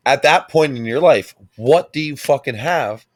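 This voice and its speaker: A man's voice: mid-range voice, expressive, moderate pace, no echo. A man in his twenties in casual podcast chat, blunt and emphatic, swearing freely. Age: 20s.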